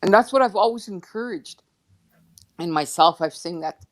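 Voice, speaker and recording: A woman guest speaking slowly and softly over a video call, emotional and near tears as she reflects between pauses. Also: lowish voice. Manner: slow, soft and reflective, with pauses. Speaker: guest drum singer. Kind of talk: heartfelt testimony on an online panel.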